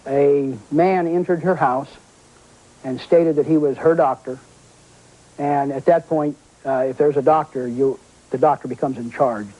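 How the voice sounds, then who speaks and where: A man's voice: on the high side, fairly even intonation, unhurried, warm tone, rough recording. A man, a former ambulance driver, recounting events carefully and hesitantly in an interview. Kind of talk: interview testimony.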